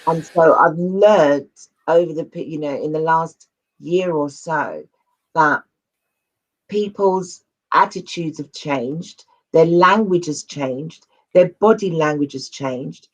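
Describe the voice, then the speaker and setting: Slow and a little high-pitched, this man appears as an interview guest discussing men's mental health in a relaxed, conversational setting. He comes across as earnest, wandering, and repetitive, on dull lo-fi audio.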